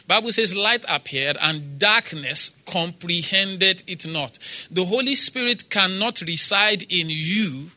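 A man's voice: sits high, measured pace, pushed and bright. A man preaching a sermon in a church, quoting scripture with emphasis, repeating phrases and asking the congregation for responses.

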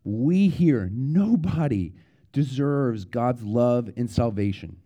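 A male pastor telling a true story to the young ones as a children's sermon, animated, repeating words and shouting out the warnings in the story. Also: medium pitch, slow pace.

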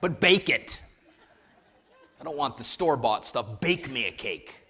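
A blunt old prophet barks orders with loud, casual bossiness, as a male preacher puts him on. His demands come out brisk and forceful. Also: medium pitch, animated, breathy edge, exaggerated voice. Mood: demanding. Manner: blunt, commanding.

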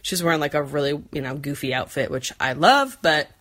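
A woman in her forties with a low-pitched, somewhat bright voice talks briskly and animatedly as a podcast co-host. She tells a rambling story in casual chat, full of fillers and playful put-on voices.

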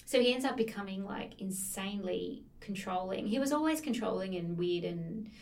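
A woman's voice: mid-range voice, moderate pace, darkish tone, distant mic. A woman co-hosting a casual chat about books, telling stories enthusiastically and laughing often. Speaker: podcast co-host discussing books.

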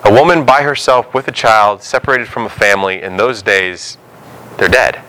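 A man preaching a sermon, telling biblical stories with animated storytelling and acting out the dialogue. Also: on the low side, moderate pace, slight background noise, rough recording.

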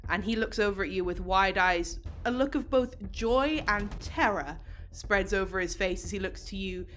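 A woman narrates a tabletop game as its game master. Her voice sits in a middle register. She paints each scene slowly, with vivid detail. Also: medium pitch, fairly bright tone, a little hiss or hum. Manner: slow, vivid scene description.

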